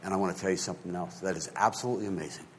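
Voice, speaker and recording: A man in his fifties, a pastor telling a story in a sermon, swinging between hushed and loud. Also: low voice, racing, a little hiss or hum. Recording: long hall reverb.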